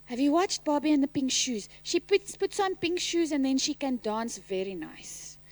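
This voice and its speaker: Speaking at normal speed in a high voice, a woman teacher runs a school assembly on a microphone. She's lively and teasing, quizzing pupils and at times calling out loudly.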